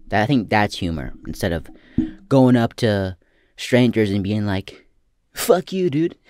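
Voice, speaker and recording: A young man hosting a crude comedy commentary, swinging from loud shouting bits to a mocking, profane rant. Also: low-pitched, no echo, clean studio sound.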